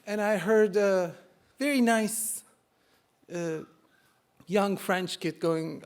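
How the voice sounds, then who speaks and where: A man's voice: high voice, takes it slowly, pauses often, smooth. A man in his forties from Turkey with a Turkish accent, telling a funny personal story live on stage, self-mocking and building to punchlines. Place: live stage before an audience.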